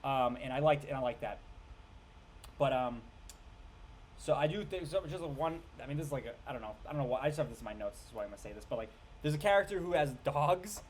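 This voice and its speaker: A man's voice: medium pitch, fast talker, a little mellow, a little hiss or hum. A man giving a casual spoken movie review, rambling with lots of fillers, restarts and casual swearing.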